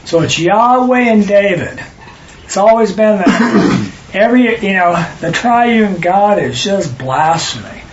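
High-voiced man teaching Bible study. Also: expressive, slow, muffled recording, crowd noise. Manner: explanatory, stops readers to correct and stress words.

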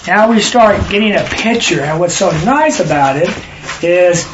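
Man, Bible study teacher, high pitch, corrective explaining style, faint hiss behind. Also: lively intonation, moderate pace, muffled recording. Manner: explanatory, stops readers to correct and stress words.

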